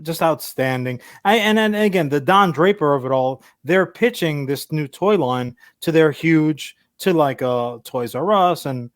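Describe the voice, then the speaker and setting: Male co-host, profane rambling storyteller, a bit high-pitched, dry recording. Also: lively intonation, unhurried, hardly any pauses, dry recording. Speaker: podcast co-host. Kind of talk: casual chat.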